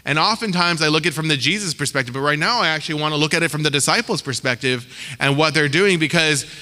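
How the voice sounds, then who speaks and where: A man's voice: fairly high pitch, fast talker, pushed and bright. A man preaching a sermon as pastor, talking casually with slang and acting out the voices of the people he quotes. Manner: conversational, slangy, acts out characters' voices in quotes. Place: church sanctuary. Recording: long hall reverb.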